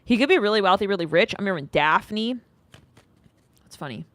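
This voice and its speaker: A woman's voice: medium pitch, animated, moderate pace, fairly bright tone, no room sound. A woman doing a casual tarot reading, rambling and sassy, with swearing along the way. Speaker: tarot reader.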